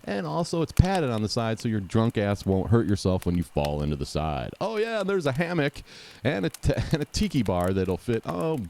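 A man's voice: mid-range voice, very animated, moderate pace, gravelly, darkish tone, a little hiss or hum. A man giving sarcastic, mocking play-by-play of a game show rerun, talking back at the screen. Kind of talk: casual sarcastic play-by-play commentary.

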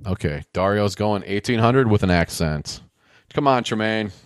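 A man's voice: on the low side, lively intonation, normal speed, no room sound, studio quality. A man giving casual play-by-play commentary on a game show, rambling with sarcastic, wisecracking asides.

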